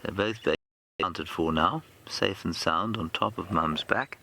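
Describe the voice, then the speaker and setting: A low-pitched man leads a live safari drive with a bright, forceful delivery. He talks with dry, self-deprecating humor, recorded outdoors with faint bush sounds behind him. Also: normal speed, vocal fry, a little hiss or hum. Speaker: safari guide. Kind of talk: live game drive commentary.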